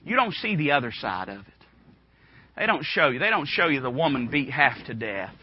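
A man preaching a sermon, impassioned and swinging between loud and hushed, with a husky voice. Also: fairly high pitch, highs cut off.

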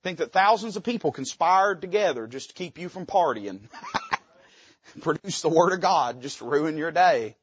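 A man's voice: on the high side, lively intonation, moderate pace, husky, no room sound, muffled recording. A man preaching a fervent, folksy sermon from a church pulpit, his volume swelling and dropping suddenly. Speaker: pastor.

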